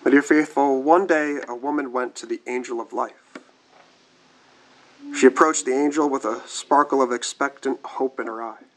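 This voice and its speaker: A male priest reading scripture and giving a sermon in a measured, formal liturgical manner. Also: mid-range voice, fairly even intonation, fairly bright tone, poor audio.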